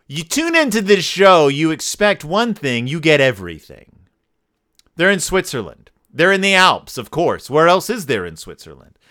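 A man with a bright, lively voice hosts a comedic podcast, tearing into a picture book with sarcasm. He swings his pitch widely as he jokes. His tone is clear and smooth. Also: normal speed. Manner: sarcastic, animated, mock accents and yodeling. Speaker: podcast host. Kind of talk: comedic book review monologue.

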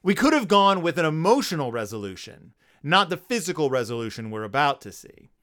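A man's voice: fairly high pitch, big pitch swings, fairly quick, fairly bright tone. A man hosting a comedic podcast, reviewing a children's book with sarcasm and goofy character voices. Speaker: podcast host.

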